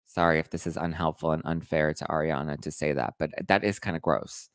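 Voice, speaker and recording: A man hosting a casual live stream, reading viewer comments aloud with animated mock outrage. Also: a bass voice, fairly quick, clear, resonant tone, no echo, studio quality. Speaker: host reading live chat.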